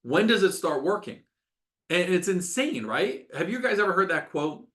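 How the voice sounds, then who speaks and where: A man's voice: high-pitched, sing-song, normal speed, fairly bright tone. A middle-aged man, a doctor hosting a webinar, talking with passion, ranting and repeating words for emphasis.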